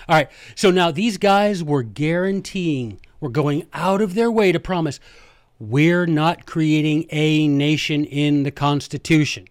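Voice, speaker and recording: A man hosting a jokey history lesson, talking playfully and emphatically with quick asides, close to the microphone. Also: fairly high pitch, no room sound. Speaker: host.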